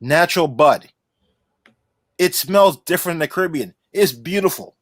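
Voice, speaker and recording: A man with a high, bright voice talks with runaway enthusiasm on a podcast livestream. He repeats and restarts his words in his excitement. The sound is dry and close. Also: fairly quick, no room sound. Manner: passionate, effusive, restarts often. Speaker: podcast co-host. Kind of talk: excited casual livestream chat.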